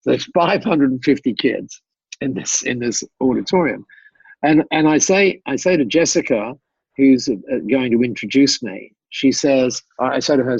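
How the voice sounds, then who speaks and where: A man, an interview guest and business mentor, talking with animated emphasis, repeating words and telling anecdotes. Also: mid-range voice, measured pace, gravelly, husky, no echo, lo-fi sound. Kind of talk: storytelling in a podcast interview.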